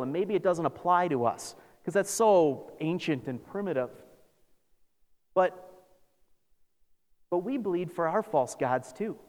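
A man preaching a sermon as pastor, animated, acting out scripture with sarcastic asides. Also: on the high side. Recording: long reverb of a large hall.

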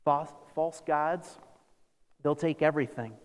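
A man preaching a sermon as pastor, animated, acting out scripture with sarcastic asides. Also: on the high side, measured pace. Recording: long reverb of a large hall.

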